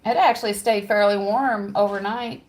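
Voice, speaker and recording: A woman's voice: mid-range voice, fairly even intonation, normal speed. A woman hosting a livestream from home, chatting casually, reading viewer comments aloud and laughing often. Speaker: livestream host.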